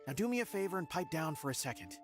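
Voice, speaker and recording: A man's voice: fairly high pitch, very animated, fast talker, over music. An actor voicing a forgetful male frog in a game, gloomy and self-deprecating. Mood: wistful. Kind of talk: game voice acting.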